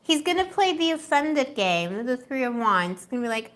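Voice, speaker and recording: A woman's voice: high-pitched, normal speed, few pauses. Chatty woman doing a live tarot reading. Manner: chatty and animated, laughs often, many fillers. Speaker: tarot reader.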